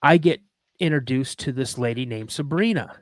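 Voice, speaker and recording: A man's voice: mid-range voice, normal speed, no room sound. A man hosting a podcast, earnestly telling a personal story and acting out the dialogue, with frequent ums. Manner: earnest and emotional, reenacts dialogue, many ums. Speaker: podcast host.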